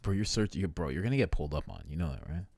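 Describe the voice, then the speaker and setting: A young man from Canada co-hosts a casual podcast, trading jokes and laughing constantly. His voice sits very low yet jumps around with lively swings in pitch. The sound is dry and close, with no room around it. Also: rapid-fire, vocal fry, no echo. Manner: laughs often, swears, animated joking. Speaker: podcast co-host.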